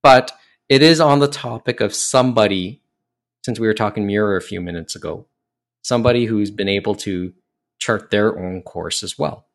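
A man's voice: on the low side, moderate pace, gravelly. A man hosting a casual podcast chat, rambling with many fillers and restarts. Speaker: podcast host.

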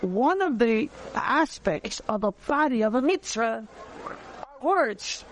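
A man, teaching a conversational Torah class, animated and repeating phrases as he searches for words. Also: extremely high pitch, takes it slowly, slight background noise.

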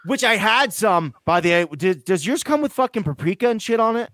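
A man's voice: sits high, animated, a little fast, fairly bright tone. A married man chatting casually, teasing his friends and swearing a lot. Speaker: co-host. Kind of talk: casual chat.

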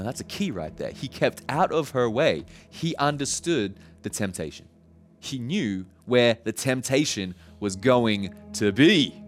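A male pastor preaches with an animated voice that moves up and down a lot. He tells a story in a lively way, with laughs and quick asides. Faint music plays underneath. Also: mid-range voice. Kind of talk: sermon.

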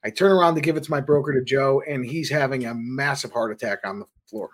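A man, the founder of a trading firm, recounting his career in a casual, animated storytelling way as a podcast guest. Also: mid-range voice. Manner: animated anecdotes, quick asides.

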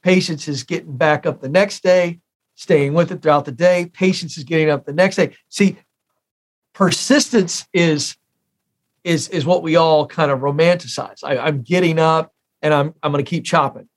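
A man's voice: fairly high pitch, steady tone, moderate pace. A man in his forties from the United States, a career expert telling stories as an interview guest, emphatic and repeating key phrases for effect. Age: 40s. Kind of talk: interview storytelling.

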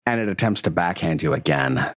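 A man's voice: low voice, lively intonation, brisk, no echo. A man acting as game master, narrating combat and rules in a playful, teasing way. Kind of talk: running a tabletop game.

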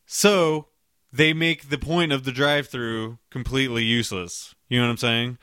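A man's voice: medium pitch, steady tone, moderate pace, sharp tone, clean tone, dry recording, studio quality. A man co-hosting a podcast, telling rambling stories in casual chat, swearing and laughing often. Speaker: podcast co-host.

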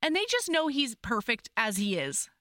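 Bright, lively woman podcast co-host. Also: on the high side, normal speed, no echo, clean studio sound. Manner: gushing, expressive retelling. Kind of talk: casual movie recap chat.

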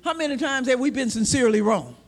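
Man, preacher, very high voice, drawn-out shouted emphasis. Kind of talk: sermon.

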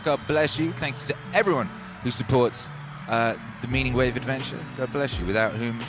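A man hosting a casual livestream, reading out viewer comments, loose and playful, swinging between loud hype and hushed musing. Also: mid-range voice. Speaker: livestream host.

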